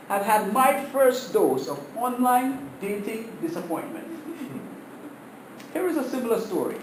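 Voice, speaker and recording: Animated man giving a funny class speech. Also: sits high, unhurried, echoey room, recorded from a distance, slight background noise, poor audio. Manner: animated storyteller, laughs at his own jokes. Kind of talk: prepared humorous speech.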